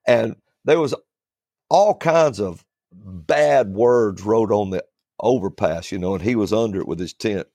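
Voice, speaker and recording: A man who preaches, telling stories in a relaxed chat, often restarting his sentences and chuckling as he goes. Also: fairly low pitch, a little slow, no echo, studio quality. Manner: rambling, starts over often, chuckles through stories. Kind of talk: storytelling in a casual panel chat.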